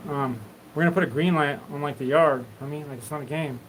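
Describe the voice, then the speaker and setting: A man's voice: fairly high pitch, steady tone, brisk, a little hiss or hum, rough recording. A man hosting a live stream, talking in a loose, rambling, profane stream of consciousness. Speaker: livestream host.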